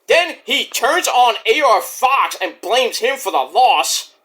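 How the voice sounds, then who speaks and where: A man giving a casual, rambling vlog review of a wrestling show, cursing freely and filling pauses with lots of "uh.". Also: extremely high pitch, sing-song, sharp tone. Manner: rambling, profane, many fillers.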